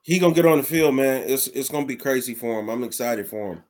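A man co-hosting a sports podcast in casual chat, upbeat and quick to agree. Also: mid-range voice, a little mellow. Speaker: podcast co-host.

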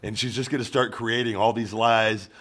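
A middle-aged man hosting a casual podcast, teasing and swearing freely in loud, joking banter. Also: fairly low pitch, little pitch movement, normal speed. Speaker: podcast host.

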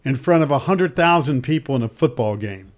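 A man's voice: mid-range voice, expressive, brisk. A man hosting a sports talk discussion, speaking earnestly and emphatically.

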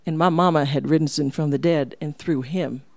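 A woman telling a personal story at a live storytelling night, animated and dropping to whispers for effect. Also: low-pitched, moderate pace, gravelly, no echo. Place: small live venue.

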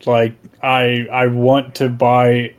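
A man co-hosting a podcast, excitable and profane, acting out scenes in casual chat. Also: mid-range voice, takes it slowly. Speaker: podcast co-host.

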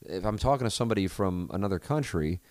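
Deep-voiced man, candid rambling monologue. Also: animated, quick pace, darkish tone, no echo. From United States. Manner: rambling, candid, self-correcting, profane. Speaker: podcast host. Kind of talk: solo casual monologue.

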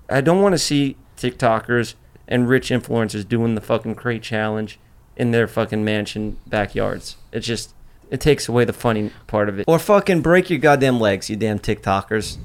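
A man's voice: fairly low pitch, lively intonation, moderate pace. A young man hosting a podcast in a loose, boastful way, swearing freely and talking over the others. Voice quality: brash, profane, boastful. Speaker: podcast host. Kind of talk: casual chat.

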